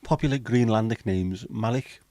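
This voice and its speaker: A man's voice: fairly low pitch, moderate pace, dark tone, no room sound. A man hosting a casual livestream, chatting, swearing freely and reading viewer comments aloud. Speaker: livestream host.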